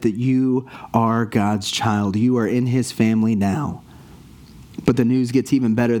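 A man preaching a sermon to his church, earnest and rising in pitch on the points he stresses. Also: mellow. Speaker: pastor.

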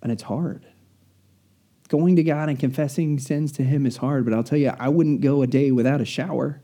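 Dark-voiced, earnest male preacher. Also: mid-range voice. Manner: earnest, storytelling, slows down for emphasis. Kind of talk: sermon.

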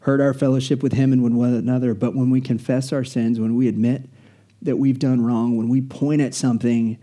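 A man preaching a sermon in an earnest, storytelling manner, slowing down to stress key words. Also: mid-range voice, flat delivery, dark tone. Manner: earnest, storytelling, slows down for emphasis.

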